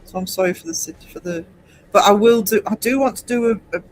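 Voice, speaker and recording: An English man in his fifties hosting a casual late-night livestream, rambling and hesitant with many pauses. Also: sits high, a little hiss or hum, poor audio. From England. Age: 50s. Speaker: livestream host.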